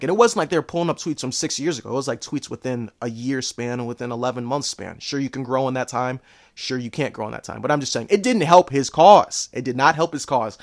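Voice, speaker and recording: Animated man with lively, emphatic delivery. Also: mid-range voice. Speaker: podcast co-host, combat sports commentator. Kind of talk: opinionated commentary.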